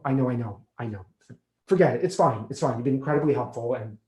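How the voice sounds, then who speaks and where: A man playing an anxious recovering alcoholic on the phone to his sponsor, halting and stammering as he repeats himself. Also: medium pitch, darkish tone, natural voice. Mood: pleading. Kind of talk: stage monologue acting. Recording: echoey room.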